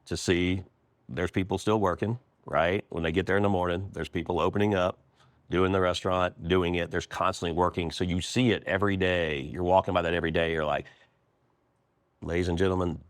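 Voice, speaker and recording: A man's voice: deep voice, no echo. A man who founded a restaurant business, talking in a casual interview with emphatic repetition and frequent "man" at the end of lines. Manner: emphatic, repeats phrases, says "man".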